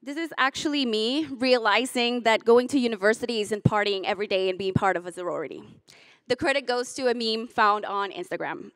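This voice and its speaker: A young woman in her twenties, graduating, gives a commencement speech in a hotel ballroom, her voice on the high side and a little fast. She swings from tearful sincerity to playful jokes, choking up and laughing through tears, then bantering with the crowd. The audio is clean studio sound with no room sound.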